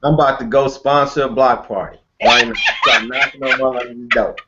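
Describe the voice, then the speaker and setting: A man's voice: medium pitch, fairly even intonation, moderate pace, muffled recording, heavy background noise. A man co-hosting a live online talk show, chiming in with slangy, joking asides and swearing. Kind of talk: casual chat on a live show.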